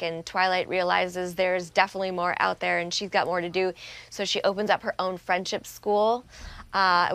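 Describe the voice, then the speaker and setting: A middle-aged woman from Canada chatting as a guest in a TV interview, bubbly and quick, laughing often. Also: medium pitch, fairly bright tone, no room sound. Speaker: voice actress guest. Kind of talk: casual TV interview chat.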